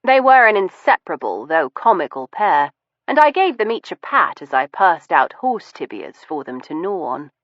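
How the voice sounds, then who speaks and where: A woman narrating an audiobook in an arch, precise way, her low-set voice swooping with lively inflection. She sounds close and dry, and the recording is somewhat dull and muffled. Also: normal speed, no echo. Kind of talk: scripted first-person narration.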